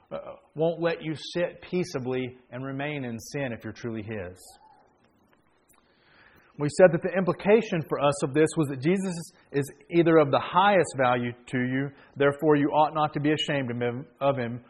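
A man's voice: medium pitch, a little mellow, low-quality recording. Thirties male pastor: conversational sermon delivery that rises to emphatic points, with frequent restarts. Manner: conversational storytelling that builds to emphatic preaching.

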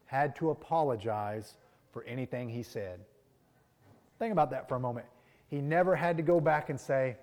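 A man's voice: mid-range voice, moderate pace, darkish tone. Preaching man in a reverberant hall. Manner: earnest preaching, rising and falling in force, repeating key lines. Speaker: pastor. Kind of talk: sermon.

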